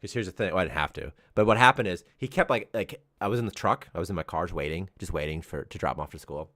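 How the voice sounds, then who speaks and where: A man in his thirties chatting casually on a live development stream, telling rambling, animated stories and laughing often. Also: low voice, fast talker, dry recording, clean studio sound. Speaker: game developer co-hosting a dev stream.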